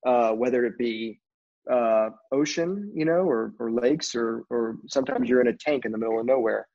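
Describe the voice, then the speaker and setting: The middle-aged man from film crews keeps rambling casually through his story, leaning on "you know" as filler. His mid-range voice has a darkish tone and a moderate pace, and the lo-fi recording sounds dull.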